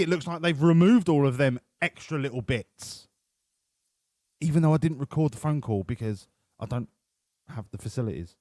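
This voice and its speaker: Brief: male streamer, animated swings in pitch, dry close mic, cheeky and sweary. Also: dry recording. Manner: chatty, sweary, banters with chat. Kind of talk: casual game livestream commentary. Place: home room.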